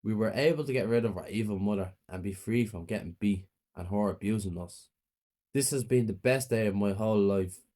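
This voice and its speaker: Man, horror story narrator, plain reading, dark mellow tone. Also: on the low side, fairly quick.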